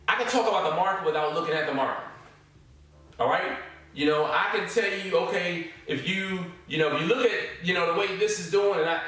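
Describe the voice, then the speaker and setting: A man's voice: high-pitched, fairly bright tone. Casual, distant man with echo. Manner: casual, repetitive, stops often to say "all right?" and "okay?". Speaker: forex trading course instructor. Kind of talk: reading and commenting on student testimonials.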